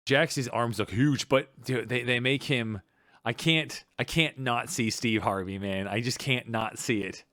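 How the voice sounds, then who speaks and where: Man, thirties, casual podcast co-host, rambling, excitable, mid-pitched, dry sound. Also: unhurried, dry recording. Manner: rambling, many restarts, excitable. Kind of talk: casual chat.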